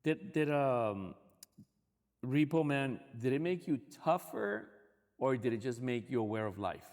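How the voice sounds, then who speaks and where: A man interviewing a guest, asking short questions with some halting starts. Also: medium pitch, darkish tone, in a large hall.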